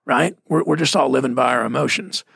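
A man's voice: medium pitch, fairly quick, vocal fry, a bit bright, slightly rough, dry recording, studio quality. A man with a Texan accent talking bluntly and folksily about faith, laughing often. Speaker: Christian podcast guest. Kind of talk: casual faith discussion.

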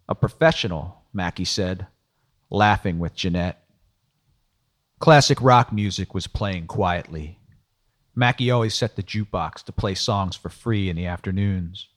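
Wry man narrating a noir audiobook. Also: deep voice.

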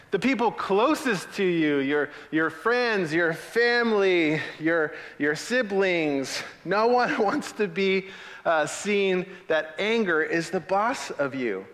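A man preaching a sermon as a pastor, in a conversational, animated way with frequent repetitions. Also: high voice, in a large hall.

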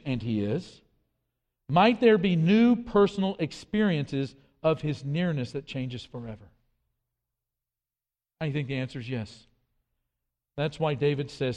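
Earnest preacher in an echoing hall. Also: male voice, fairly high pitch, big pitch swings, a little slow, long pauses, a little mellow. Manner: earnest, emphatic preaching with repeated words and quoted scripture. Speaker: pastor. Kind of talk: sermon. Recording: long hall reverb.

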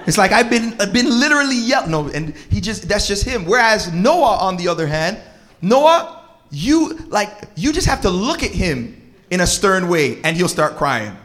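High-pitched guy co-hosting a parenting chat, animated, slangy, keeps hyping up his partner. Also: normal speed. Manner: animated, slangy, preacher-like exclamations. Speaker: podcast co-host. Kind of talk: casual chat about parenting and relationships.

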